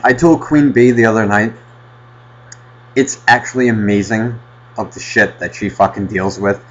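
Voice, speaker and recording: A man co-hosting a podcast, ranting loudly and doing mocking impressions of a friend on the phone. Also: on the low side, steady tone, moderate pace, muffled recording. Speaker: podcast co-host. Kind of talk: casual podcast banter.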